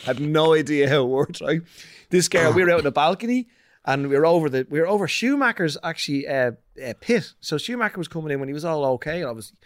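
Irish man, forties, comedian, rambling storyteller, quick talker, dry close sound. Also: a little high, no echo. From Ireland. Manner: rambling, animated storyteller who acts out quotes. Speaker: comedian podcast host. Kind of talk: casual chat.

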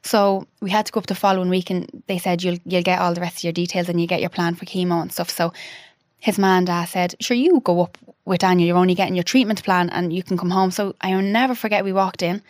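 A woman in her thirties, a podcast guest telling an emotional personal story. She talks haltingly, with restarts and quoted dialogue. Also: fairly low pitch, fairly even intonation, dry recording, clean studio sound.

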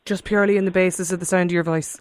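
A woman with a mild Donegal Irish accent, hosting a radio phone-in show and asking quick, chatty follow-up questions. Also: on the low side, steady tone, dry recording, studio quality. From Ireland. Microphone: studio microphone.

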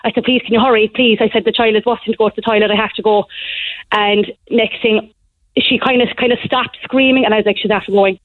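A young woman calling in to a radio show, telling a story in an animated, breathless rush. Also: a little high, fast talker, no echo. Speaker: caller. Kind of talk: phone-in call to a radio show. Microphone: phone. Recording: tinny phone line.

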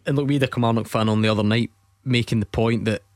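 A man's voice: mid-range voice, fairly even intonation, fast, darkish tone, no room sound, studio quality. A man hosting a football phone-in show on radio, talking casually and hedging as he goes. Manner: chatty, hedging, self-correcting. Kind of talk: casual sports chat.

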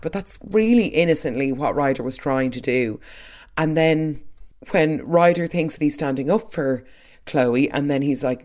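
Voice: mid-range voice, normal speed, darkish tone. A speaker giving an opinionated, chatty recap of a soap episode, trailing off into asides.

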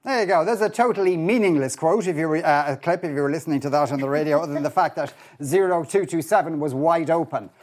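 A man's voice: fairly high pitch, fast, hardly any pauses, a little mellow. A man hosting a radio talk show, hesitant with many fillers and a dry wit.

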